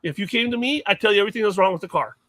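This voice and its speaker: A man's voice: high voice, rapid-fire, a bit bright, no echo. A middle-aged man chatting on a podcast, telling rambling, self-mocking stories full of restarts. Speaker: guest, mining equipment maker. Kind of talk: casual podcast chat.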